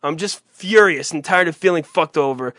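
Male talk host, profane rambling ranter, bright and forceful tone, dry close sound. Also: on the high side, normal speed, dry recording. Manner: rambling, profane, exasperated storytelling. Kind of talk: profane comedic rant.

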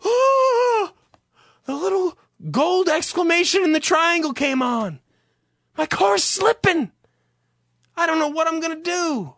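A man's voice: extremely high pitch, expressive, slow pace, pauses often, fairly bright tone, no echo, studio quality, pitched above the performer's own voice, exaggerated voice. A man putting on the whiny, panicked voice of a timid driver he is mocking. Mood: panicky.

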